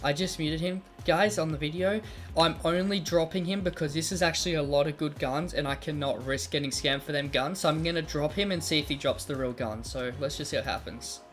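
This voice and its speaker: A man doing casual, excitable gameplay commentary with friends in an online game. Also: on the high side, brisk, soft background music. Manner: chatty, excitable, bursts into loud laughing outcries. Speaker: gaming YouTuber.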